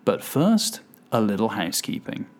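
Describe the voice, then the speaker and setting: A man's voice: lowish voice, big pitch swings, normal speed. A man hosting his podcast solo, chatting casually and poking fun at himself with plenty of fillers. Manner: chatty and self-deprecating, with fillers. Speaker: podcast host.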